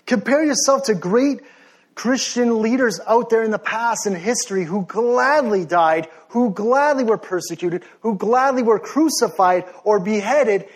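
High-voiced passionate young male preacher. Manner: passionate, rising to near-shouting then softening to sheepish asides. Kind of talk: sermon.

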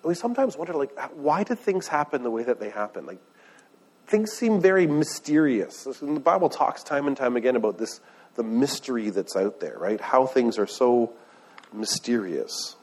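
This pastor's sermon is expressive and moderately paced, his mid-range voice a little mellow with a breathy edge. Speaking conversationally, he asks the room questions and retells scripture in everyday words.

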